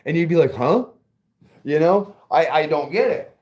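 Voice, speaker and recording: A man's voice: on the high side, brisk, a little mellow. Rambling man hosting a casual livestream. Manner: rambling, jokey, swears freely. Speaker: livestream host. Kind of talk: casual livestream chat while working.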